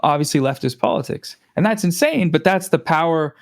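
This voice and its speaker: A man's voice: on the high side, animated, brisk. Earnest, reflective man in conversation. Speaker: guest. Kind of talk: casual conversation.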